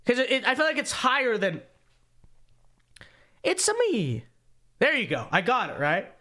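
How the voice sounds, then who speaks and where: A young man hosting a casual livestream, reading viewer donations aloud in an animated, joking way with frequent restarts. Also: very high-pitched, fast talker. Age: young adult. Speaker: show host.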